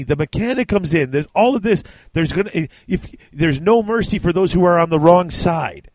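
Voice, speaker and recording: A man's voice: sits high, animated, moderate pace, few pauses, darkish tone, dry recording. Casual man retelling a story. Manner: retells scenes, briefly acting out lines. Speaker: book discussion co-host. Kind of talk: casual chat.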